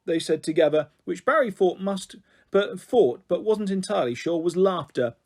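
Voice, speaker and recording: A man reading a children's book aloud, expressive and animated. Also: high-pitched, normal speed. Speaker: narrator. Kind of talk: audiobook reading.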